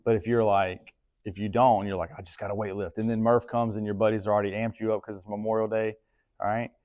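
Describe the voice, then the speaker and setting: A man's voice: lowish voice, flat delivery, quick pace, a little mellow. A man coaching a class in a gym, talking casually and checking in with frequent questions. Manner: casual, asks the group questions often. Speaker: strength coach.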